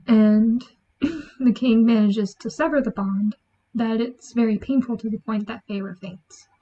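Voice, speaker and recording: A woman giving a chatty, animated book review, acting out lines from the story. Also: fairly high pitch, measured pace. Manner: chatty, animated, acts out quotes. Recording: dull lo-fi sound.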